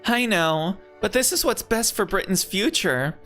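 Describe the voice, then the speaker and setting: A man voicing an earnest young female heroine, speaking gently and sincerely in a raised voice. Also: high-pitched, lively intonation, unhurried, soft background music, voice pushed up, heavily acted.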